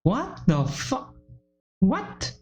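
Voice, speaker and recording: A woman's voice: mid-range voice, wildly swooping pitch, very slow, darkish tone, slight background noise, rough recording. A woman reading through a visual novel game and reacting with outspoken outbursts. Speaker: gaming video creator.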